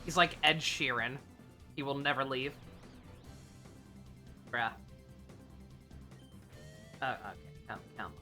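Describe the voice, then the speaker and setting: A woman's voice: very deep voice, slow pace, long pauses, sharp tone, soft background music. A woman streaming a game live, chatting casually in a rambling, profane way with lots of fillers. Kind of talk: casual live gameplay commentary.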